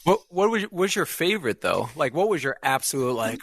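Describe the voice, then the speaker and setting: A man's voice: fairly high pitch, big pitch swings, a little fast, a bit bright, dry recording, clean studio sound. A man co-hosting a podcast, asking the guest questions in a casual way. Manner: probing questions, repeats himself. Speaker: podcast co-host.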